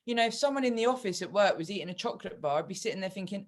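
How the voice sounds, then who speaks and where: A woman hosting an interview, talking candidly about her experiences in a relaxed, conversational way. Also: mid-range voice, very fast. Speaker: podcast host and bodybuilder. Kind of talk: casual interview talk.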